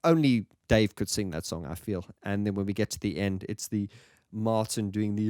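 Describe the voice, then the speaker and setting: A man's voice: on the low side, moderate pace, a little mellow, dry recording, studio quality. A man reviewing an album in a casual, enthusiastic, rambling monologue.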